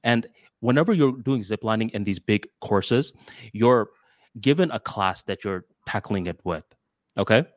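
A man's voice: on the low side, a little slow, no echo, studio quality. Man telling stories on a podcast. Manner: storytelling, animated retelling. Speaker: podcast co-host. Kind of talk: casual podcast chat.

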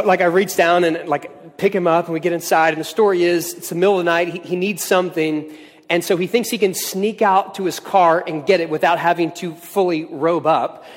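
A man in his thirties preaches a sermon, slightly high-voiced and earnest, building points through repeated phrases. His voice carries a long reverb from the hall around him. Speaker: pastor.

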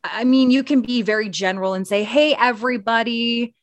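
A woman's voice: mid-range voice, fast talker, darkish tone, dry recording. A Canadian woman co-hosting a podcast, sharing speaking tips in a casual, conversational way with fillers and restarts. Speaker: podcast co-host and radio broadcaster.

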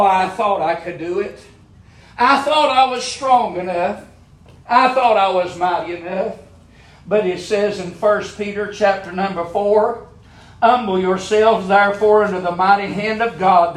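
A man preaching a sermon in a fervent, repetitive cadence. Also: high-pitched.

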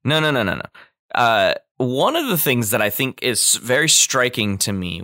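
A man's voice: sits low, sharp tone, dry recording, studio quality. A man casually analyzing a film, loose and filler-heavy, often acting out the characters he quotes. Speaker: film commentator.

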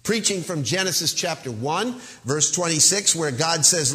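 A man's voice: a little high, expressive, normal speed, few pauses, pushed and bright, big-room sound. A male pastor preaching an earnest, emphatic sermon with a warning tone.

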